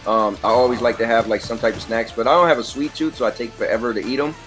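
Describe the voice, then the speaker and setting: A man hosting a casual chat while playing a game, relaxed and reading out game stats. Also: medium pitch, fast talker, music in the background. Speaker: host.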